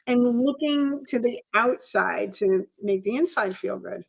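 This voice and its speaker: A woman's voice: fairly high pitch, a little slow, vocal fry, breathy edge. A middle-aged woman co-hosting a podcast, speaking in a candid, reflective way and leaning often on "you know". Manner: reflective, open, with many "you know" fillers. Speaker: podcast co-host.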